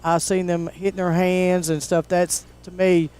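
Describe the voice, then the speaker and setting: High clear-voiced sports co-commentator man. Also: little pitch movement, a little mellow. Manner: plainspoken, halting with fillers.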